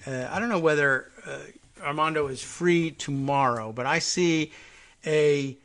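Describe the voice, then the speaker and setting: A man's voice: fairly high pitch, a bit bright. Sarcastic, exasperated man hosting a podcast. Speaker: host. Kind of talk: political commentary podcast.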